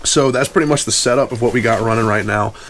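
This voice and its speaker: A man's voice: mid-range voice, fast, noisy background. A young man with an Appalachian accent, chatting casually to viewers while working outdoors in the woods on a head-mounted mic, breathing hard from the effort. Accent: Appalachian Virginia. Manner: folksy, addresses viewers as y'all and boys. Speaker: hunting vlogger. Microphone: head-mounted camera mic without windscreen.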